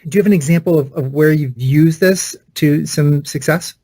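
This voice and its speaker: A man's voice: fairly high pitch, moderate pace, warm tone, no echo. Podcast host guy, stops and restarts his questions, dry sound. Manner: hesitant, rephrases his questions as he goes. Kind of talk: interview questions.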